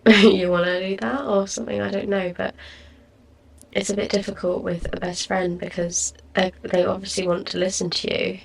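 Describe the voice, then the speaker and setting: Young woman, podcast host, tired, rambling chat, low husky voice. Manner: chatty, rambling, lots of likes and ums. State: tired, yawning. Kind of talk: casual solo podcast chat.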